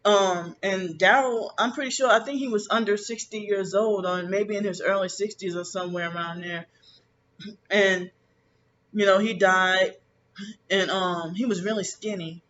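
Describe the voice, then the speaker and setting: A man talking in a casual personal monologue, rambling and halting with many restarts, bitter and resentful about his family. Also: sits high, steady tone, bright, forceful tone. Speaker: vlogger. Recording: dull lo-fi with faint background noise.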